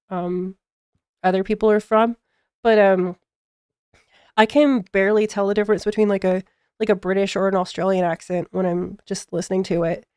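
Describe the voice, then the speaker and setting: A woman with a plain general American accent chats on her stream. Her voice is smooth and clean at a middle pitch, recorded dry and close. She halts often, filling gaps with fillers and easy laughs. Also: darkish tone, no echo. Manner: halting, many fillers, frequent laughs. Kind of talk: casual stream chat.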